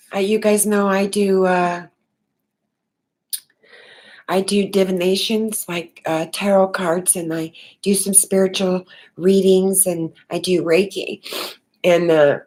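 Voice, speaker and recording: A woman talking unscripted about her spiritual awakening, earnest and halting, with many fillers and restarts. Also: mid-range voice, darkish tone. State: tearful. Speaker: spiritual vlogger.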